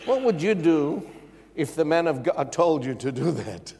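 A man preaching a sermon, with emphatic, drawn-out delivery and rhetorical questions to the congregation. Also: on the high side, expressive, vocal fry, a little mellow, breathy edge. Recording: echoey hall reverb.

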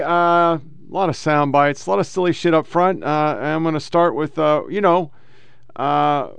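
A man's voice: fairly high pitch, smooth, no room sound. A man hosting a political podcast in a loose, sarcastic way, swearing freely. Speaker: podcast host. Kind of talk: casual political podcast chat.

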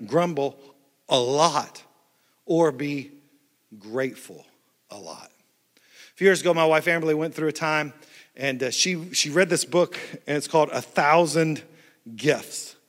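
A man preaching a lively, playful sermon to a church crowd on a handheld mic. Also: fairly high pitch. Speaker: pastor. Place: large church hall. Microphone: handheld microphone. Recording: echoey church hall.

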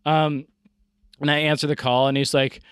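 A man's voice: on the high side, little pitch movement, moderate pace, a bit bright, clean tone, dry recording. Casting: man, forties, rambling casual storyteller, dry close sound. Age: 40s. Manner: rambling, self-deprecating, many fillers.

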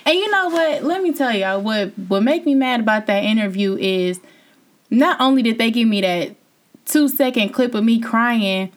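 A young woman, a former reality show contestant, telling her story in a casual interview and jumping high in pitch when she gets indignant. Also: moderate pace. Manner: animated, laughs, voice jumps high when indignant.

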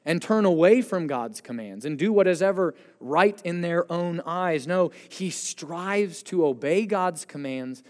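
A man delivers a sermon in a church sanctuary, his slightly high voice carrying earnest emphasis. He slows down and leans on key phrases as he preaches. A long hall reverb trails each line. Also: animated, darkish tone. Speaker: pastor.

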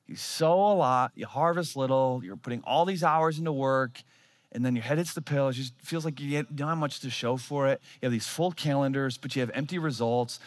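Bright, animated man preaching a sermon. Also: on the high side, no echo, studio quality. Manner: animated storytelling with self-mocking humor. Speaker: pastor.

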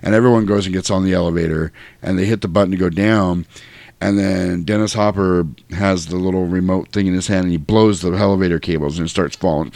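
A man co-hosting a podcast, chatting casually and profanely about a movie and slipping into quick impressions. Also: deep voice, fairly even intonation, vocal fry, a little mellow, no room sound. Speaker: podcast co-host. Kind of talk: casual movie-review chat.

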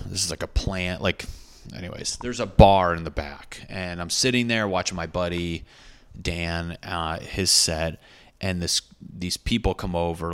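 A man's voice: sits low, fairly bright tone, clear, resonant tone. A young man, a stand-up comedian, casually telling a rambling, profane story and often correcting himself.

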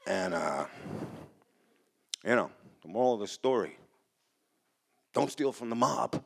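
A man's voice: medium pitch, animated, unhurried, gravelly, a bit bright. A man telling a personal story live on stage in a casual, rambling way, swearing and restarting his sentences. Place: small hall in front of a live audience.

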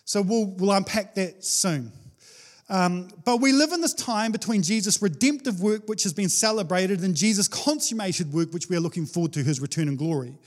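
High-voiced man preaching a lively sermon. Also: moderate pace. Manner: animated, playful, acts out quoted voices with laughs.

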